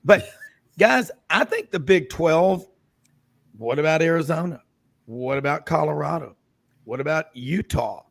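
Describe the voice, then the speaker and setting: A man's voice: fairly high pitch, lively intonation, measured pace, creaky, long pauses. A man hosting a sports radio roundtable, talking in a rambling, jokey, storytelling way. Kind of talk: casual radio roundtable chat.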